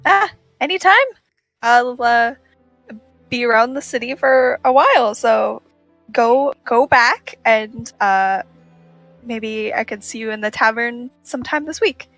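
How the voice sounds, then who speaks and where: A woman's voice: on the high side, a little slow, fairly bright tone, dry recording, soft background music. Hesitant woman player as a bard. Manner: hesitant, polite, with fillers. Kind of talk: playing a bard in a tabletop game.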